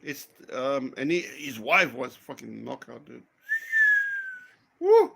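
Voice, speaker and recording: A man from South Africa chatting casually, telling lively stories, acting out quoted voices and swearing freely. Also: mid-range voice, measured pace, vocal fry, husky. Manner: animated storyteller, acts out quoted voices, swears. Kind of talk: casual storytelling chat.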